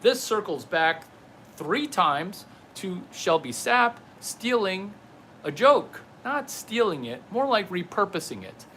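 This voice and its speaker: A man in a rambling comedic monologue, speaking slowly with a bright, forceful edge. His voice sits fairly high and swoops widely as he riffs playfully from one absurd tangent to the next. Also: big pitch swings, slight background noise. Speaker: comedian vlogger.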